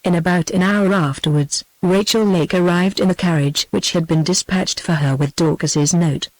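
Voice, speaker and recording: A woman's voice: lowish voice, moderate pace, no room sound, poor audio. British synthetic woman narrator, dry sound. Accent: British English. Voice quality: even, machine-read delivery. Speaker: audiobook narrator. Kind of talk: synthetic text-to-speech narration.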